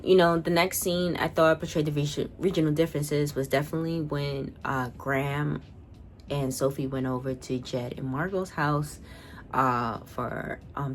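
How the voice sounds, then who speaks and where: A young adult woman chatting casually as a video reviewer, animated and sassy in her asides. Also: deep voice, measured pace, slight background noise.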